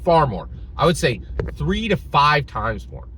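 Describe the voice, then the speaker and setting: A man's voice: a little high, sing-song, measured pace, bright, forceful tone, a little hiss or hum, rough recording. A man reviewing games in an opinionated video rant, emphatic and repetitive, often tagging "right?" onto his points. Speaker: game reviewer.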